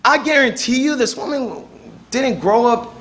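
Animated, bright-voiced young male preacher. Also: very high-pitched, measured pace. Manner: animated storytelling, acting out quoted voices. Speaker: pastor. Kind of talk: sermon.

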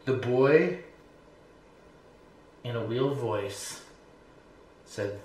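Adult man, spooky bedtime storyteller, drawn-out hushed delivery, roomy home echo. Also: medium pitch, lively intonation, slight background noise. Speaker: parent telling a bedtime story.

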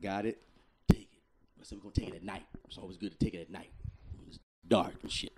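A young adult man co-hosting a casual podcast, telling a story and acting out the quotes, swinging from low mutters to loud outbursts. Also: quick pace, whispered. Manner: animated, acts out quotes with big swings from low mutters to shouts. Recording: noisy podcast recording.

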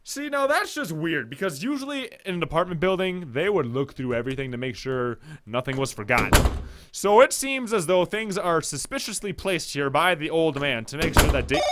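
Young guy playing a horror game, high bright voice, super lively, jumpy. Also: moderate pace, very noisy. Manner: excitable, jumpy, shouting at scares. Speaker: let's play gamer. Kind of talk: horror game commentary, reading dialogue aloud.

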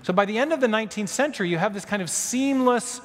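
A man giving a conference lecture in a large church hall, telling history as a story with asides and quick self-corrections. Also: high-pitched, lively intonation. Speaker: conference speaker. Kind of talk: public lecture. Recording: long reverb of a large hall.

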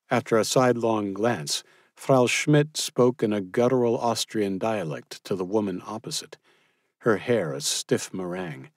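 A man reading literary fiction as an audiobook narrator in a measured, expressive manner. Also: deep voice, husky, no echo, studio quality.

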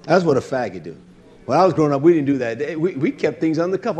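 A man preaching a sermon to his congregation, blunt and combative, with slangy talk that drops to low mutters and rises to loud outbursts. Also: animated, very fast, breathy edge, lo-fi sound. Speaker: congregation leader.

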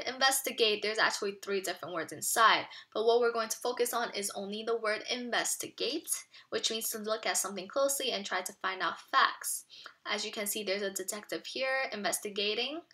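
A woman teacher giving a children's read-aloud lesson, explaining words patiently and clearly. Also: mid-range voice, sharp tone.

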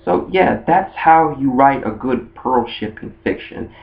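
A man's voice: medium pitch, expressive, unhurried, gravelly. A man talking casually about a cartoon ship in a rambling way, often restarting his sentences. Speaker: anime fan video host. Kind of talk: casual fan monologue. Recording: dull lo-fi recording.

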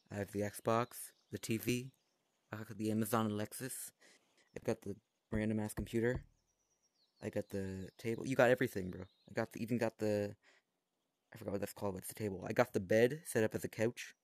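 A man's voice: on the low side, darkish tone, dry recording. A man giving rambling, offhand gameplay commentary into a VR headset mic, mocking himself as he goes. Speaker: gaming vlogger. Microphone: VR headset microphone.

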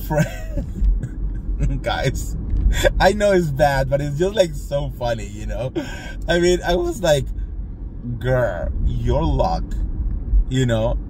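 Animated gossipy man telling a story. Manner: animated, gossipy, acts out quotes in a higher voice. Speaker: vlogger. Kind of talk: casual storytime chat. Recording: faint background noise.

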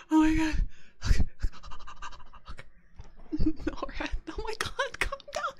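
A woman's voice: very high voice, very animated, unhurried, pauses often. A woman streamer talking on a live stream, giggly and flustered, swearing and shrieking with laughter.

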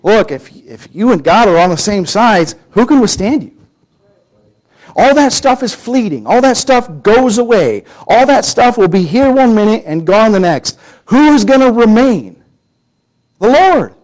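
A man preaching a Sunday sermon, telling a story with lively acted-out quotes and sudden drops to a hushed voice. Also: high voice, measured pace, low-quality recording. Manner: animated storytelling, acting out quoted voices, drops to a near-whisper for emphasis.

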